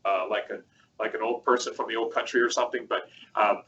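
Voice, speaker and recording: A man's voice: lowish voice, steady tone, quick pace, fairly bright tone, muffled recording. A man co-hosting a casual webcast, chatty and rambling with plenty of fillers as he walks through a product demo. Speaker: co-host presenting a product demo.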